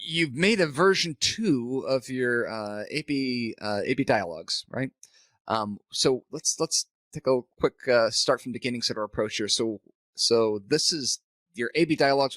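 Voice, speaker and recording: A man's voice: mid-range voice, fairly bright tone, no room sound, clean studio sound. A man hosting a tech podcast, chatty and upbeat as he introduces and questions the guest. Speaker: podcast host. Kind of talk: casual podcast chat.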